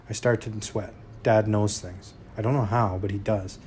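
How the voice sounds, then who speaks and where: Low-voiced man reading a novel. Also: steady tone, moderate pace, few pauses, a little mellow, a little hiss or hum. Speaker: reader of novels.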